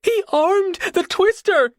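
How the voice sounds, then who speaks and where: A man's voice: very high voice, slow pace, no echo, clean studio sound, pitched above the performer's own voice. A male audiobook narrator voicing a desperate young woman who screams urgent warnings. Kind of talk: audiobook character voice.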